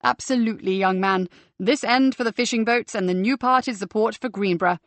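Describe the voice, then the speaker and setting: A fussy male tour guide in an audiobook, drawing out his words with theatrical flourish, as a woman narrator puts him on. His voice is mid-pitched and dry, with no room around it. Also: dry recording, natural voice. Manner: slow, showy tour-guide delivery. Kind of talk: audiobook character voice.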